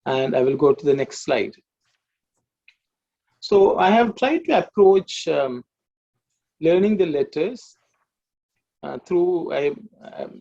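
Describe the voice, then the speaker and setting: A man's voice: fairly high pitch, vocal fry, mellow, highs cut off. A man teaching an online Sanskrit class, explaining patiently with many fillers and restarts.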